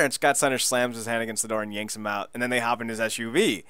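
A man co-hosting a podcast, excitedly recapping a show in casual chat, laughing and swearing as he goes. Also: mid-range voice, fast, smooth, dry recording. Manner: excitable, laughing, profane storyteller. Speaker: podcast co-host.

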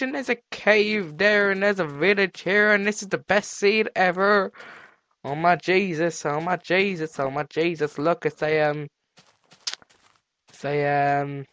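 A teenage boy with a cold and sore throat, doing let's play commentary as a gaming channel host, excitable and yelping at discoveries. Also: high voice, measured pace, no room sound. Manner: excitable, yelps and squeals at discoveries, chatters to animals.

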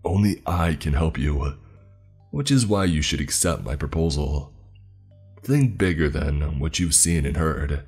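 A cold, deliberate skeleton spirit, put on by a man reading a horror story, with a remarkably deep voice. He taunts slowly, sure of his power. Faint music plays behind him. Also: lively intonation, darkish tone, slightly rough, heavily acted. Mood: taunting. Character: ancient menacing male skeleton spirit. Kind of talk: scripted horror story narration.

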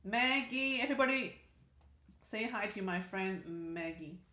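A woman's voice: mid-range voice, animated, measured pace, bright, forceful tone, echoey room. A woman hosting a casual livestream, reading viewer comments aloud in a chatty way, repeating words and restarting sentences. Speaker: livestream host.

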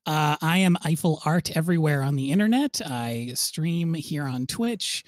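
A man's voice: on the high side, lively intonation, moderate pace, no room sound, clean studio sound. A man who streams painting, chatting in a jokey, laid-back way. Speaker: streaming artist. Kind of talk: casual chat.

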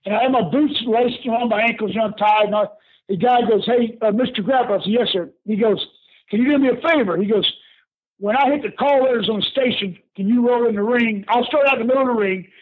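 Casting: older guy with a high voice, chatty storyteller, over a tinny phone line. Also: fast talker, breathy edge. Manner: lively yarn-spinner who laughs often and says "brother". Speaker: guest, retired pro wrestler. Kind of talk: animated storytelling in an interview. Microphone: phone call.

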